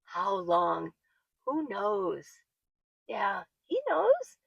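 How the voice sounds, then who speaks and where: Speaking very slowly with a husky, mid-range voice full of vocal fry and huge swings in pitch, an older woman who lives in her minivan vlogs about van life. She talks casually to camera, answers viewer comments, laughs often, and occasionally gets worked up. The audio has no room sound and its highs are cut off.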